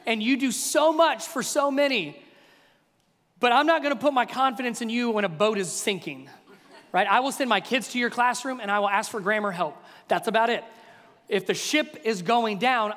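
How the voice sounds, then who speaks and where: A male pastor preaching a sermon, swinging from hushed questions to loud, energetic passages. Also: very high voice. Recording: long reverb of a large hall.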